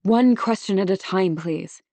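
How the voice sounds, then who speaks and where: A woman's voice: mid-range voice, a little slow, warm tone, dry recording, natural voice. A woman reading an anxious young woman. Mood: urgent.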